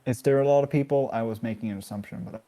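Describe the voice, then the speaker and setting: A man's voice: medium pitch, fast talker, mellow. A man playing a tabletop game, speaking hesitantly with many fillers. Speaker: player. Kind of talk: tabletop role-play in character.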